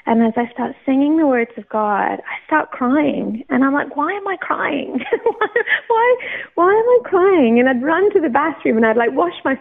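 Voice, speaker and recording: A woman with a fairly high voice tells her faith story with lively storytelling, acting out what she once thought. The sound is thin and narrow, like a phone line heard over the radio. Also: vocal fry. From United Kingdom. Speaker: interview guest. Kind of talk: personal faith testimony.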